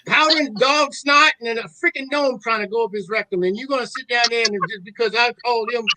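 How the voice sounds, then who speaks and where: A man's voice: very high-pitched, fast, rough recording. A man chatting casually as a co-host, blunt and teasing, with plenty of swearing. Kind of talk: casual chat.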